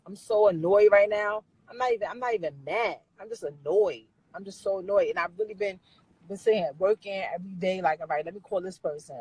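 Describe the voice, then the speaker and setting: Husky-voiced woman ranting bluntly. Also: mid-range voice, brisk, darkish tone, no echo, low-quality recording. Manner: blunt, profane, scolding; repeats phrases for emphasis. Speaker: livestreamer talking to viewers. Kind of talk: heated rant on a live stream.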